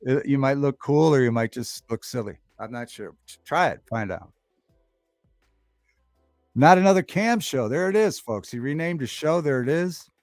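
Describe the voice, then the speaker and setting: A man hosts a relaxed livestream talk show at a normal pace, chatting loosely with viewers, reading their live chat aloud, and relishing his favorite movie lines. His voice is an ordinary middle pitch, recorded dry and close to the mic, with faint music behind him.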